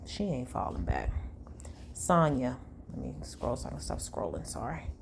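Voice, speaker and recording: A woman's voice: a bass voice, wildly swooping pitch, normal speed, vocal fry, a little hiss or hum. A woman reading text messages aloud and adding her own sassy, blunt asides in a conversational way. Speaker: commentary channel host. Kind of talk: reading texts aloud with commentary.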